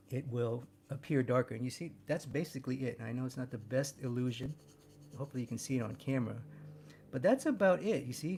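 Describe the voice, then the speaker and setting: Man, gravelly voice, drawing instructor, talking while sketching, repeats himself. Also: mid-range voice, a little mellow. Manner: thinks aloud while drawing, repeats words. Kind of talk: live drawing demonstration.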